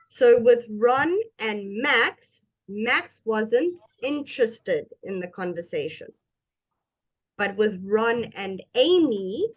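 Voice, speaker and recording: A woman teaching English one-on-one, speaking patiently and modeling intonation for her student. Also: on the high side. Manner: slow, patient, demonstrates intonation. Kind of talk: one-on-one language lesson.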